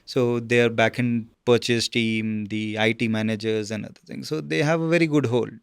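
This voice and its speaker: A man, a guest telling his career story in a casual interview, halting with many fillers and "okay?" check-ins. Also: mid-range voice, steady tone, creaky, clear, resonant tone, no room sound.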